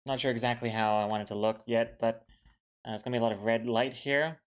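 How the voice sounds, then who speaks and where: Brief: man, mid pitch, comic artist on a live stream, loose rambling chat, pokes fun at himself. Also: fairly even intonation, muffled recording. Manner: chatty, self-deprecating, talks to viewers in the chat; quick rambling bursts with many fillers. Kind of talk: casual live-stream chat while drawing.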